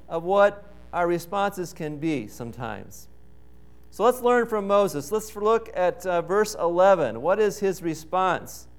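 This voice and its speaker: A male pastor delivers his sermon at an unhurried, deliberate pace. His voice sits fairly high and comes across smooth and resonant. He leans into phrases with emphatic pauses. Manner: slow, emphatic preaching with dramatic pauses.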